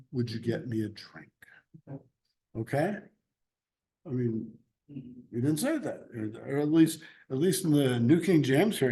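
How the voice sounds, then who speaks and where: Bible class teacher, man, slightly high voice, slow and chatty. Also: darkish tone. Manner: chatty, laughs easily, loose restarts. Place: church classroom.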